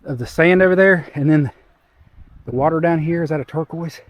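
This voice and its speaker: A man's voice: on the high side, brisk, dry recording. A man in his forties chatting casually to viewers on a handheld camera as he hikes a windy hilltop trail above a cove. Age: 40s. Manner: chatty, addresses viewers while hiking. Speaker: travel vlogger. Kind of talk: casual vlog chat to camera. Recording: outdoor wind noise on the mic. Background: gusting wind.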